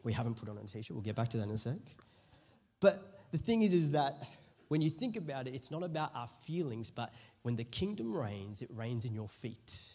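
A man preaching a sermon as pastor, chatty at first and then rising to loud, emphatic preaching. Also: mid-range voice, very animated, brisk. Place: church auditorium.

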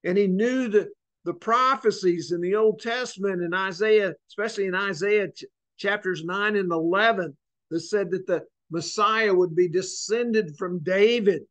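High-pitched guy teaching bible study at church, earnest, stretches and repeats words for emphasis. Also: normal speed, fairly bright tone.

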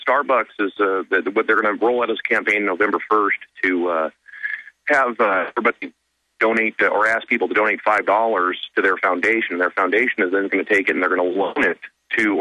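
A man calling in to a radio show, speaking haltingly with many fillers. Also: on the low side, bright, forceful tone, slightly rough, dry recording. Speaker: caller. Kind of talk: call-in radio. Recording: dull phone-line caller audio.

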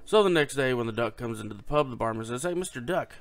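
A man's voice: medium pitch, fast, creaky. A tired man short on sleep, telling a long joke in a laid-back, rambling way. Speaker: joke teller.

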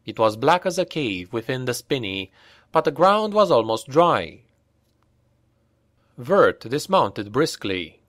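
A man narrating a dark fantasy audiobook at a steady, measured pace, in a voice of middle pitch. The recording is dry and close, with no room echo.

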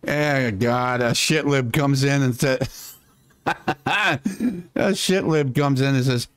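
A man's voice: mid-range voice, slow, pauses often, clean tone, no echo. A man hosting a casual political live stream, rambling and sarcastic, muttering to himself as he works his computer and swearing now and then.

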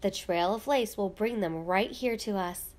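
A woman voicing a brave older girl in a storybook, soft and reassuring. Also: medium pitch, measured pace, natural voice. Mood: comforting. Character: brave older immigrant girl, calm and comforting.

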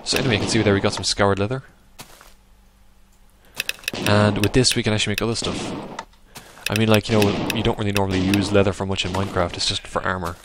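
A man giving rambling, casual let's-play commentary over a game, now and then yelping loudly at what happens. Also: on the low side, level tone, fast, pauses often, heavy background noise. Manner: chatty, rambling, bursts into loud yelps at the game. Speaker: gaming video host.

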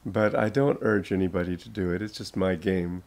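A man's voice: sits low, fairly even intonation, vocal fry, a little mellow. An older American man, a spiritual teacher, giving an informal talk to an audience, telling stories and laughing often as he goes. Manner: slow, chuckling storyteller.

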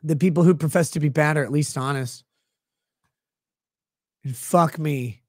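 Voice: mid-range voice, unhurried, a little mellow, dry recording. Sarcastic, swearing livestream ranter, dry sound. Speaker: livestream commentator. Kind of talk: profane comedic rant.

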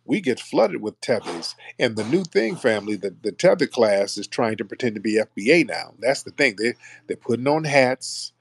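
A man's voice: medium pitch, lively intonation, normal speed, vocal fry, slight background noise. A man hosting a call-in talk show, blunt and mocking in manner. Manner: blunt, mocking, puts on voices to mimic callers. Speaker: host.

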